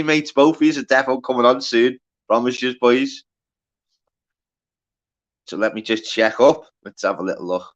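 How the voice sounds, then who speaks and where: A man's voice: medium pitch, a bit bright, highs cut off. A man hosting a casual livestream, reading out the chat, greeting viewers by name and bantering with plenty of swearing. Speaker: livestream host.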